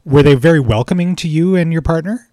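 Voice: medium pitch, fairly quick, warm tone, dry recording. Playful interviewer, dry close sound. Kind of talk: casual interview questions.

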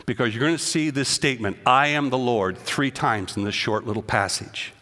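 A man preaching a sermon with an American accent, reading scripture with rising, loud emphasis. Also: mid-range voice, moderate pace. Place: church sanctuary. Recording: long church reverb.

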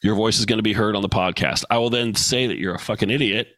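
A man's voice: on the low side, fast, fairly bright tone, no echo. A man hosting his own podcast in a casual solo talk, blunt, profane and joking. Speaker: podcast host. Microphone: studio microphone with headphones.

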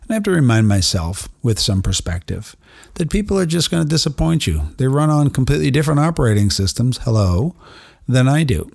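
Gravelly-voiced man hosting a self-help podcast. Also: medium pitch, big pitch swings, brisk, a little mellow, no echo, clean studio sound. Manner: earnest, self-reflective, addresses listener directly. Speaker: podcast host, doctor treating patients. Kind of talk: solo motivational podcast monologue.

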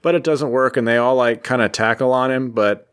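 A man's voice: medium pitch, brisk, clear, resonant tone. A man co-hosting a podcast, casually recapping a comic book in a jokey, rambling storytelling way. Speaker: podcast co-host.

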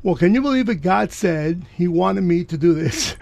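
A man from Miami, a guest telling a personal story with emphatic bursts of loud excitement. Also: high voice, moderate pace, creaky, no room sound.

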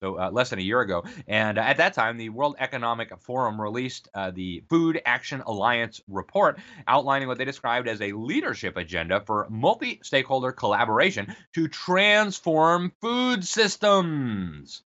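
A man's voice: mid-range voice, sing-song, a little fast, hardly any pauses, pushed and bright, dull audio. A man giving an emphatic, sarcastic political commentary, speaking straight to his listeners and calling them folks.

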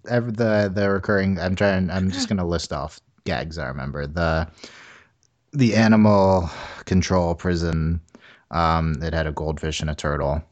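A man co-hosting a casual movie review chat, talking haltingly with dry humor and frequent laughs. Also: deep voice, dull audio. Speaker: podcast co-host reviewing a movie.

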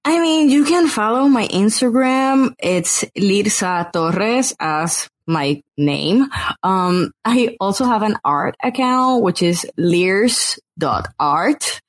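A woman's voice: medium pitch, expressive, slow pace. A woman guest on a casual podcast interview who talks in an effusive, gushing way and laughs often.

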